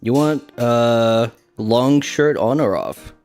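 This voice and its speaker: A man's voice: mid-range voice, takes it slowly, darkish tone, faint music behind. A young man streamer in playful casual chat, joking and trying out impressions. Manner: jokey, slips into impressions.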